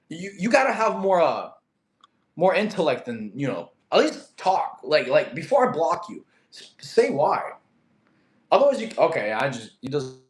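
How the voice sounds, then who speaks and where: Lively man streaming in an echoey room. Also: on the high side. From Russia. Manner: lively, quick to get irritated at spammers. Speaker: fitness streamer. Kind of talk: livestream chat reading.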